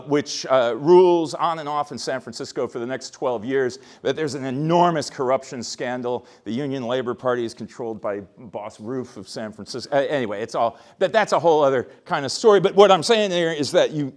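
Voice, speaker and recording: Chatty man lecturing on history. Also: a little high. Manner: rambling and conversational, many restarts, asks "right?". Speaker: history professor leading a workshop. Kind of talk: informal lecture.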